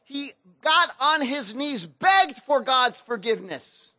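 A man's voice: very high voice, big pitch swings, takes it slowly, bright, forceful tone, no echo. A man pastor preaching a sermon in a casual, slangy storytelling way.

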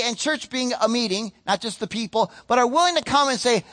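A man preaching a sermon as pastor, earnest and emphatic, slowing down to stress key points and acting out other people's voices. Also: very high-pitched, bright, forceful tone. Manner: acts out other people's voices mid-sentence.

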